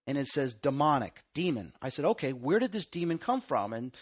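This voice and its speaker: A male host with a mid-range voice speaks in casual conversation. He tells stories with mounting excitement, acting out the lines he quotes. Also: mid-range voice, brisk. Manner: excitable storyteller, acts out quotes.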